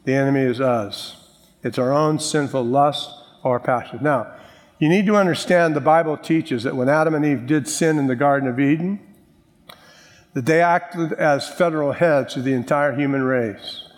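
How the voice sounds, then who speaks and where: A male pastor preaching a sermon, joking with the congregation and slowing down to stress key words. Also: mid-range voice. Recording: long reverb of a large hall.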